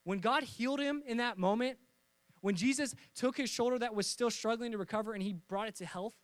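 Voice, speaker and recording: A young pastor tells stories from the pulpit in a lively, joking way, often acting out the voices of the people in them. His voice sits high for a man. The sound is dry and close, with no room echo. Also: brisk. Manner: lively storytelling with jokes and acted-out voices. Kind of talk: sermon.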